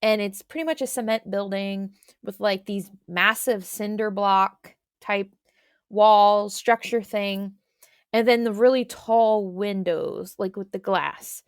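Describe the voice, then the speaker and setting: A woman's voice: mid-range voice, fairly even intonation, slow, smooth, dry recording. Woman, podcast co-host, casual rambling storytelling, lots of filler words, dry close sound.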